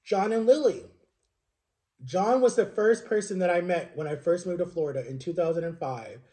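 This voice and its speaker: A man's voice: high-pitched, normal speed, dark tone. A man in his thirties, a vlogger telling his own life story in an earnest, rambling, emotional way, often checking in with "right?". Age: 30s. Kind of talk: personal storytelling to camera.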